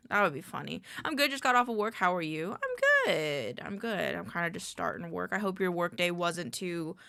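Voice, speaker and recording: A woman's voice: lowish voice, lively intonation, normal speed, vocal fry, sharp tone, no room sound. A woman streamer in casual live-stream chat at a desk microphone, rambling, muttering lists to herself and greeting her chat.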